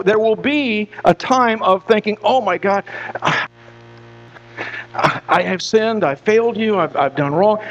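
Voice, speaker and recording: A male pastor with a high voice preaches in an earnest, searching way, repeating words and restarting phrases as he presses his point. The recording is dull and lo-fi, with a steady mains hum underneath. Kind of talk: sermon. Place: church.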